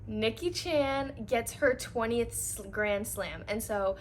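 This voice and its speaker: A woman's voice: a little high, slow pace, slight background noise. A young woman talking casually and gushing about books, with lots of filler words. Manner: gushing, filler-heavy chatter. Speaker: book reviewer. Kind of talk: casual reading recap.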